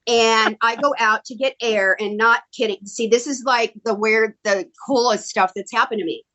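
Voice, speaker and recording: A middle-aged woman telling stories in a casual interview, animated and excitable, acting out quoted dialogue. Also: on the high side, normal speed, dull audio. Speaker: guest actress. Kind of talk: casual storytelling.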